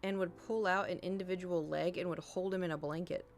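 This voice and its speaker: A woman's voice: lowish voice, steady tone, brisk, slight background noise. A woman streaming from her desk at home, chatting casually, swearing freely and coaxing her cat aloud. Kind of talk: casual live-stream chat. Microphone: desk microphone.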